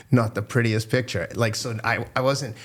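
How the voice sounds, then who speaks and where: A man's voice: mid-range voice, steady tone, moderate pace, a bit bright. A middle-aged man, a runner and podcast guest, talking candidly in an interview, frank and emotional, with swearing and self-mocking laughs.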